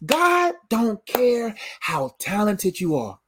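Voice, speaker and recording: Tired, animated slang-filled preacher. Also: mid-range voice, moderate pace. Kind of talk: informal sermon.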